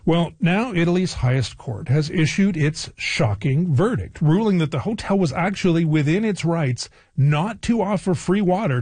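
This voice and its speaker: A man hosting a scripted comedy news segment, delivering it with wry, deadpan sarcasm. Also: fairly high pitch, breathy edge, no room sound.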